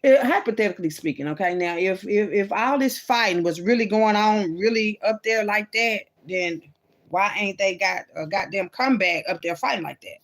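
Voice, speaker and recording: A woman's voice: mid-range voice, moderate pace. A woman vlogger in a loose, profane, rambling monologue about faith, talking straight to her viewers. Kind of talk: casual rambling spiritual monologue.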